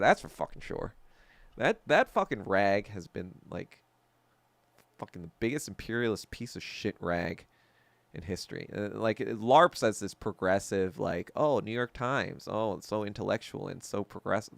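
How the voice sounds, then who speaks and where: On a solo livestream, a male podcast host answers viewers, ranting bluntly and profanely with plenty of filler words and sudden jumps between topics. His voice sits on the low side with vocal fry, lively intonation and normal speed, recorded dry.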